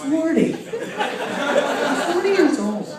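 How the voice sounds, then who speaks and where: A young man doing stand-up, telling self-mocking stories and acting out quick quotes. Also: very high-pitched, sing-song, a crowd in the background, background noise. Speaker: stand-up comedian. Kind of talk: stand-up comedy. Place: large hall with a laughing audience. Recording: echoey hall taped from far off.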